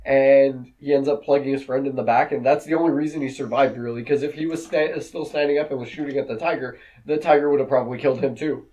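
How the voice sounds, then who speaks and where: A man's voice: medium pitch, steady tone, fast talker, few pauses, darkish tone, poor audio. A young man co-hosting a casual podcast about movies, laid-back and profane, laughing often. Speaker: podcast co-host. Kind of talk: casual movie review chat.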